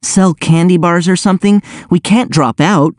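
A fretful schoolgirl, voiced by a man reading aloud, pleads in a raised, lively voice. Her lines lift well above the reader's own tone, full of worry. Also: fairly high pitch, unhurried, slightly rough, no echo, clean studio sound, voice pushed up, full character voice. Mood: pleading. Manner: anxious, pleading. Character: stressed young schoolgirl on robot team.

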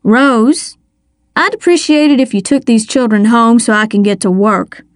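A woman reading an audiobook, voicing a steady, businesslike male sheriff. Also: fairly high pitch, normal speed, dry recording, studio quality, lightly acted. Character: male small-town sheriff, calm and commanding. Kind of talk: audiobook character voice.

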